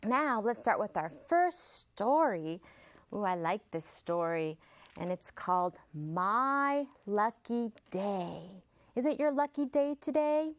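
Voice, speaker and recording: A woman librarian leading a children's storytime, slow, expressive and singsong. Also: mid-range voice, no echo.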